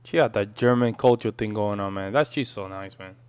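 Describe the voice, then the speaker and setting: Reacting to a video in casual commentary, this man from a Spanish-speaking country, whose first language is Spanish, keeps saying "man." He speaks fairly quickly in a lowish, darkish voice that is clear and resonant.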